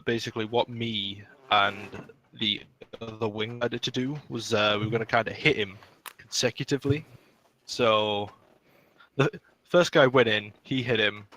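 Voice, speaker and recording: A man's voice: on the low side, fairly even intonation, normal speed, bright, forceful tone, poor audio. A man co-hosting a casual group podcast over voice chat, rambling and swearing freely as he tells a story. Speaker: podcast co-host.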